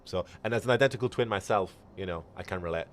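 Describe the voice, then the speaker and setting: Man, game streamer, chatty live commentary, lowish voice, faint hum. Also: fast talker. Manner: chatty, reads chat aloud.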